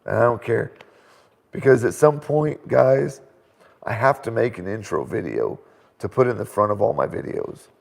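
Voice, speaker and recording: A middle-aged man hosting a casual live question-and-answer chat at home, an animated storyteller who laughs often. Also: lowish voice, normal speed, creaky. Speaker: host. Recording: reverberant room sound.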